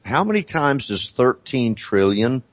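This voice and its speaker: A man speaking as a talk show guest, explaining deliberately and repeating phrases for emphasis. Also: mid-range voice, very animated, no room sound.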